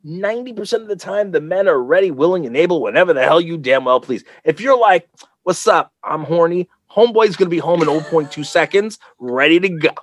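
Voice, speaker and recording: A man co-hosting a podcast in casual comedic chat, playful and animated, often acting out little voices. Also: a little high, fast talker, few pauses, dry recording. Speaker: podcast co-host.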